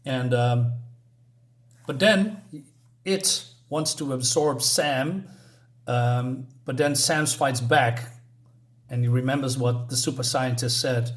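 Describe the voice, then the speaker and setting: A man's voice: medium pitch, slow, long pauses. Rambling man reviewing a comic. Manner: rambling, with many fillers and restarts. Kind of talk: casual spoken review.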